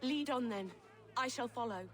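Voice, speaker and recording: An actress voicing a gentle woman herbalist in a video game, soft-spoken and earnest. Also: fairly high pitch, normal speed, lightly acted, poor audio. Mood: frightened.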